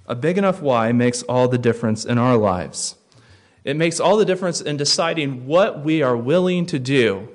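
A man preaching a sermon, telling stories and dropping to a near hush for tense moments before rising for emphasis. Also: medium pitch, lively intonation, normal speed. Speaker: pastor.

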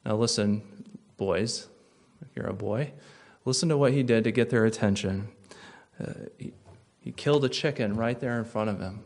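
A man preaching a sermon, telling stories and dropping to a near hush for tense moments before rising for emphasis. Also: lowish voice, normal speed. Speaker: pastor.

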